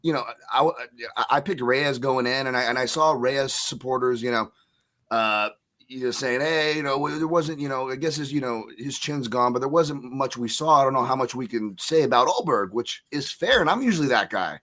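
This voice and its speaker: A man's voice: medium pitch, normal speed, a bit bright. Rambling man talking shop. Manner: rambling, lots of fillers and restarts. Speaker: co-host. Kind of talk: casual roundtable chat.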